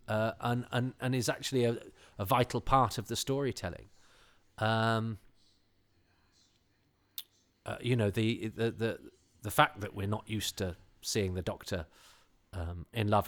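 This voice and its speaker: A man guesting on a podcast, chatting casually and enthusiastically in a rambling way with chuckles. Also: fairly low pitch. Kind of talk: casual chat.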